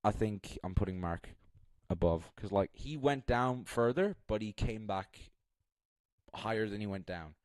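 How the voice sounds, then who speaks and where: A man's voice: lowish voice, measured pace, darkish tone, dry recording. A young man streaming live, thinking aloud in a rambling, casual way and poking fun at himself.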